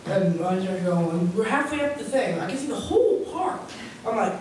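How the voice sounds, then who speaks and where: A man's voice: high-pitched, big pitch swings, moderate pace, few pauses. A teenage boy performing a stand-up set, telling rambling stories with many restarts. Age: teens. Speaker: stand-up comedian. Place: stage in a hall with an audience. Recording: echoey room from far off with noise.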